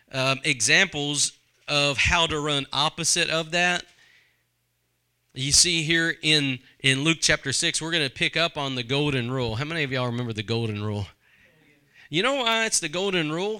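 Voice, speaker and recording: A man's voice: a little high, moderate pace, sharp tone, clean tone. A man preaching a sermon, conversational and full of rhetorical questions to the congregation. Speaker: pastor.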